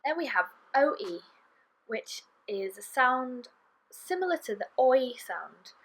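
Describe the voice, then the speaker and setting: A woman teaching a language lesson online, slowly saying and repeating each sound for learners, recorded indoors in a city. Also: high voice, sing-song, slightly rough, poor audio. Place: indoor room in a city, street traffic outside.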